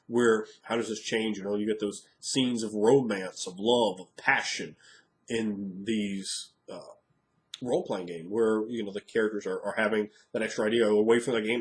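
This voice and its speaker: A man's voice: on the low side, steady tone, moderate pace. A man talking casually about running role-playing games, frank and rambling as he thinks aloud. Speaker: game master. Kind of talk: casual monologue.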